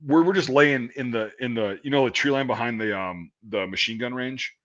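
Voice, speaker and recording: A man's voice: mid-range voice, moderate pace, fairly bright tone. A man in his thirties telling profane, rambling army stories in casual chat. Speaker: podcast host. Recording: dull lo-fi audio.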